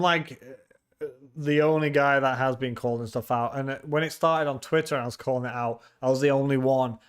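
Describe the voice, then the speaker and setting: A male livestream host with a clean, medium-pitched voice banters with his chat while reading viewer comments. He's chatty and teasing, laughs a lot, and keeps restarting his sentences.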